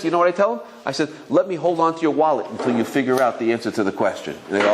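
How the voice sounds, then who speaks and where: A man's voice: mid-range voice, very fast, few pauses, a little hiss or hum. A man in his fifties, a rabbi giving a Torah talk, telling stories with lots of restarts and acting out the voices. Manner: animated storyteller, acts out voices, many restarts.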